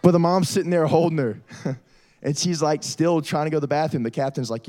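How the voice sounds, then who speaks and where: A man's voice: on the high side, fairly quick. Man, youth sermon, storytelling, casual and upbeat. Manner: lively storytelling, addresses audience as y'all. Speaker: youth pastor.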